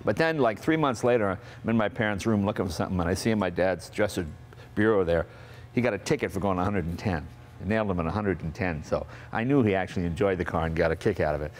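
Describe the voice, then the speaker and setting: A man in his sixties from Massachusetts, hosting and telling a casual, animated story about cars. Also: low-pitched, quick pace. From Massachusetts, USA. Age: 60s. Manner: chatty, animated, acts out family members' lines. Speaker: host.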